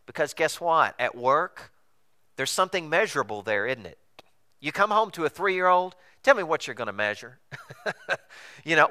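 Man, pastor, sermon, bright tone, crisp voice, animated conversational delivery. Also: a little high, normal speed, long pauses. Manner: conversational, animated preaching with rhetorical questions.

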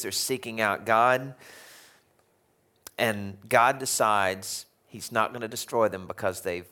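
A man's voice: on the low side, a bit bright. Conversational male pastor preaching with wry humor. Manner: conversational, wry asides and rhetorical questions. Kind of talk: sermon.

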